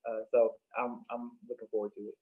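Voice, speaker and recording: A man's voice: mid-range voice, flat delivery, a little fast, background noise. Young guy from mississippi, earnest motivational talk, sounds like a phone call. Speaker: panel guest. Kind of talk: casual self-introduction.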